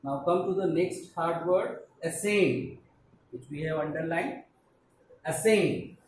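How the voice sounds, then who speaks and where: Indian-accented male teacher, slow deliberate spelling drills, distant mic, roomy echo. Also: a little high, darkish tone. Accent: Indian English. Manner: spells letters slowly and repeats syllables. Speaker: school teacher. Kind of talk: slow classroom explanation, spelling out words. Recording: echoey room, mic at a distance, faint hiss.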